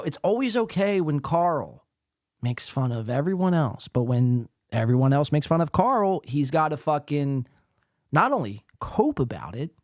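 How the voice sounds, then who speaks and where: A man's voice: a little high, no room sound, clean studio sound. A man hosting a live podcast, ranting profanely and sarcastically at other show hosts. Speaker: podcast host.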